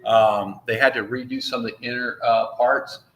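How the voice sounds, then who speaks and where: A man, a priest, talks informally to his congregation over slides, rambling and full of fillers. His voice sits at an ordinary middle pitch. The room is echoey, and a faint hum of ambience runs underneath. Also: steady tone, normal speed, fairly bright tone. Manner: chatty, rambling storyteller with many fillers. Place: church hall.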